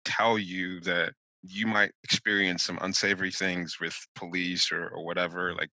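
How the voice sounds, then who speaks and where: A man with a low voice that has a bright, forceful edge talks bluntly, working through his thoughts with restarts. He is recorded close on a dry studio mic with no room sound. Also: level tone, moderate pace, no room sound, poor audio. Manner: blunt, thinks aloud with many restarts. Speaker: podcast co-host. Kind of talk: casual discussion.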